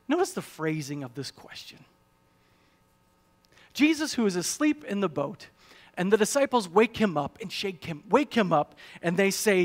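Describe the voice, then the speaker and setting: A man's voice: high voice, big pitch swings, normal speed. A male pastor, preaching a sermon full of rhetorical questions and rising emphasis.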